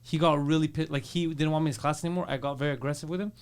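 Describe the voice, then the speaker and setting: A man's voice: a little high, steady tone, rapid-fire, clear, resonant tone. A man co-hosting a casual podcast, telling brash, profane stories about his school days. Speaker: podcast co-host. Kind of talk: casual chat.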